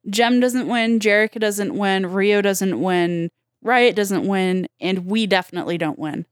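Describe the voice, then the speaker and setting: A woman co-hosting a podcast, casually analyzing a cartoon's characters and reasoning aloud in quick bursts. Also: mid-range voice, dry recording, studio quality. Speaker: podcast co-host.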